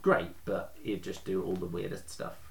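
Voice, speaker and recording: A man's voice: deep voice, little pitch movement, moderate pace, creaky. A man hosting a casual podcast, telling stories in a chatty way and laughing often. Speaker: podcast host.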